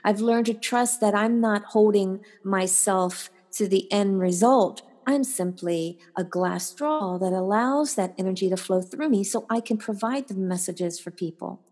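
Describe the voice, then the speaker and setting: A woman's voice: measured pace, few pauses. A woman guest on a podcast interview, a life coach who tells stories with animation and acts out the voices in them. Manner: animated storyteller, acts out voices with big pitch jumps.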